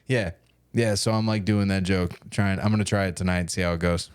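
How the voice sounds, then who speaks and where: A man's voice: low voice, steady tone, brisk, smooth. A man co-hosting a comedy podcast, casual and loose, swearing freely as he jokes. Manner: loose, profane, joking. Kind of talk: casual chat.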